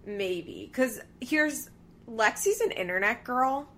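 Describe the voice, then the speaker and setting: A woman's voice: fairly high pitch, lively intonation, slow pace, a bit bright. A woman co-hosting a podcast in casual chat, talking loosely with frequent fillers and laughing often. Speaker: podcast co-host. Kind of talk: casual chat recapping a reality show.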